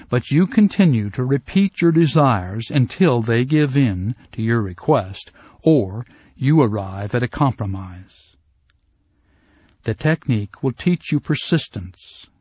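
A man with a middle-pitched voice reads a self-help course in a calm, measured way. His delivery is scripted and steady. The sound is dry and close, with no room around it. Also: husky, no echo. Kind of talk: scripted instructional narration.

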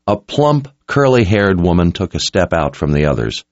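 A man's voice: deep voice, sing-song, normal speed, no room sound, dull audio. A man reading a dramatic story aloud as narrator, in an intense, scripted audiobook style.

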